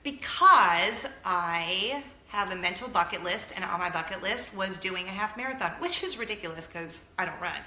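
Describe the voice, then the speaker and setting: A woman's voice: medium pitch, moderate pace. A middle-aged woman hosting a casual vlog, telling a story to her viewers and acting out the voices in it, often laughing. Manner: animated, laughing, acts out voices. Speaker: vlog host. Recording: echoey room, faint background noise.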